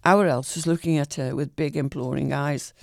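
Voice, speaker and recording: A man reading a short story aloud in a calm, even way, with the odd small slip. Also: a little high, moderate pace, creaky, dry recording.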